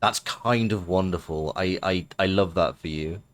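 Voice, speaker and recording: A man's voice: low voice, normal speed. A man streaming a video game, making wry, joking asides while he plays. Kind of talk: casual let's-play commentary.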